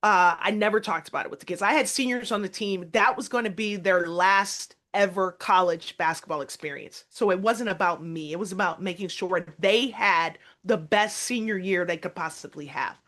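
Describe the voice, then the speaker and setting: Woman, basketball coach, interview guest, emphatic storytelling, mid-pitched voice. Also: normal speed, few pauses, fairly bright tone. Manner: emphatic, quotes her own past words.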